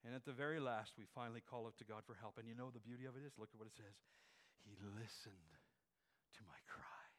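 A man preaching a sermon, leading the congregation in call-and-response and swinging between hushed phrases and emphatic questions. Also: mid-range voice, steady tone, very fast, few pauses. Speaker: pastor.

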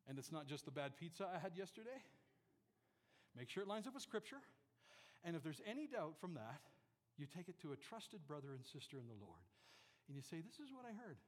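A man preaching a sermon to a congregation, animated, swinging from loud to hushed and joking with the listeners. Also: a little high, in a large hall. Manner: jokes with the congregation. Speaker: pastor. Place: church before a congregation.

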